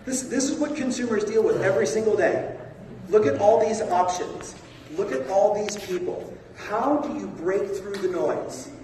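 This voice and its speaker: Man, sales coach on stage, raised voice, punchy and coaxing, caught from far back in a booming hall. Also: slight background noise. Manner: energetic, rapid, coaxing the audience. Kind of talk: motivational seminar talk. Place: large conference hall. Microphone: far from a phone camera in the audience. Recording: echoey hall recorded from far off.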